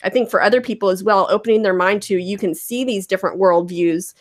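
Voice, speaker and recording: A woman's voice: medium pitch, quick pace. Earnest chatty woman guest. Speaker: guest, ministry founder. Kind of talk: casual interview chat.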